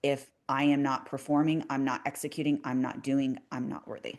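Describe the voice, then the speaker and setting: Very deep-voiced woman podcast host. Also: little pitch movement, fairly quick, a little mellow. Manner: emphatic, passionate, affirming. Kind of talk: podcast conversation.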